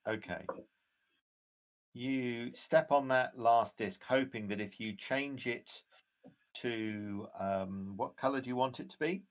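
A man's voice: mid-range voice, slow. A man acting as game master, directing the players and narrating the scene. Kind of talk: running a tabletop game.

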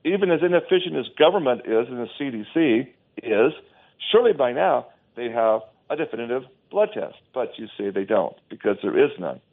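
A man's voice: mid-range voice, expressive, brisk. A man talking emphatically and scornfully as a guest on a talk show, often restarting his sentences, heard over a phone line.

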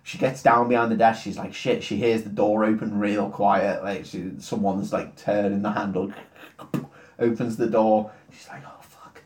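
A man co-hosting a drunken casual chat, retelling a film with lots of swearing and laughter and quick snippets of the characters' voices. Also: on the low side, fairly even intonation, darkish tone, roomy sound. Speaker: podcast co-host retelling a film.

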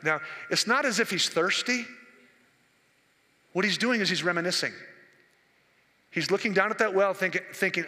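An older pastor preaches with a piercing, bright voice pitched high for a man. He tells his stories with passion and climbs to forceful peaks. His voice rings in a church sanctuary with a long reverb. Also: animated, measured pace, pauses often. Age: 60s. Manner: impassioned, storytelling, rising to near-shouted peaks. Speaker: senior pastor. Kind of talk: sermon.

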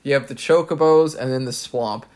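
A man co-hosting a podcast, chatting casually and jokingly about a video game. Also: mid-range voice. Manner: excited, joking, quick asides. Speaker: podcast co-host. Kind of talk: casual gaming chat.

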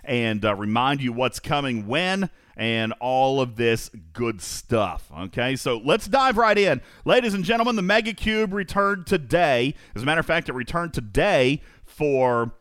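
Energetic male podcast host, lively and emphatic. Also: medium pitch, a little slow, hardly any pauses, dry recording, studio quality. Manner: energetic, emphatic, repeats phrases for effect. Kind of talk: live gaming podcast hosting.

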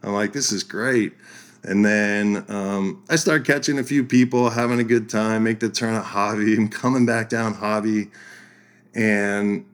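A man telling a story as a podcast guest, animated and laughing through his lines. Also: on the low side, measured pace. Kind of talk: casual storytelling.

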